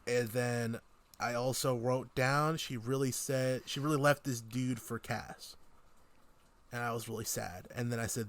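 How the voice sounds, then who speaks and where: A man's voice: mid-range voice, measured pace. A man co-hosting a casual podcast, retelling a TV season from his notes with lots of laughs. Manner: animated, reads out his notes in quotes, laughs often. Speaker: podcast co-host. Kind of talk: casual chat reviewing a TV season.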